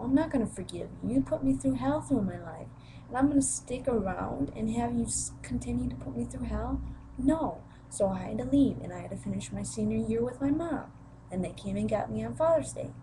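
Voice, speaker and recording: A woman's voice: mid-range voice, noisy background. A young woman vlogging, retelling a family conflict with emotion and acting out the quoted voices. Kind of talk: personal storytelling vlog.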